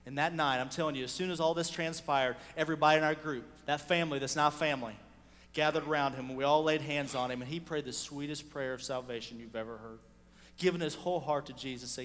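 A man preaching a sermon, telling a story with animated swings between loud and hushed delivery. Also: on the high side, quick pace, long reverb tail. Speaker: pastor.

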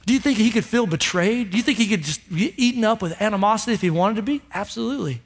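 A man's voice: high voice, lively intonation, quick pace. A man pastor preaching a sermon emphatically, asking the congregation rhetorical questions.

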